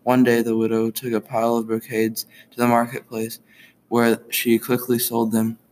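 A man reads a folktale aloud in a mid-pitched voice, gentle and unhurried. A faint hiss sits under the recording. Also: monotone, low-quality recording. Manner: gentle, unhurried reading with quoted dialogue. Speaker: storyteller. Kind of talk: storybook narration.

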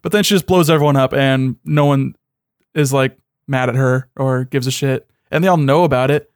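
A man's voice: mid-range voice, moderate pace, clear, resonant tone, no echo, clean studio sound. A man in a casual chat, sardonic and swearing often, with lots of "like". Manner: sardonic, heavy swearing, many "like" fillers.

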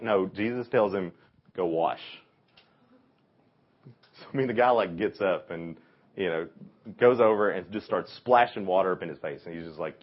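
Guy teaching a youth bible class, low husky voice, animated storytelling, kinda muffled lo-fi recording. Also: moderate pace, long pauses. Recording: dull lo-fi recording.

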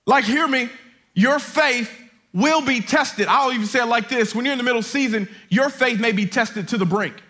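A man preaching a sermon as a campus pastor on a lapel mic, emphatic, repeating his points and building to shouts. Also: extremely high pitch, normal speed. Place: church auditorium.

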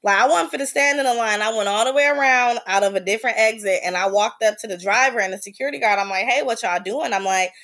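Woman w/ ranting about a trip, blunt, lots of cussing, animated storytelling. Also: on the high side, quick pace, hardly any pauses. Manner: blunt, profane, animated retelling. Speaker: podcast host. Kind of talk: casual storytelling.

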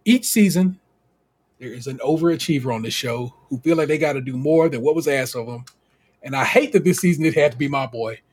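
A man co-hosting a podcast, recapping in a casual, slangy, animated way and laughing often. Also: medium pitch, a little fast, husky. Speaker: podcast co-host.

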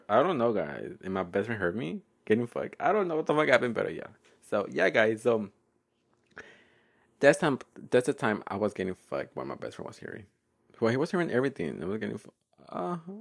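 Giggly young man. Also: mid-range voice. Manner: playful, giggly, code-switching, often loud and laughing. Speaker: podcast host. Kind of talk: casual solo podcast storytelling.

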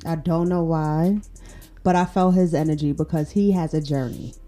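A woman in her late twenties with a low, mellow voice joins a casual podcast as a guest. She speaks earnestly and affirmingly about faith and spirit. Faint music sits behind her. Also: fairly even intonation, moderate pace. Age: 20s.

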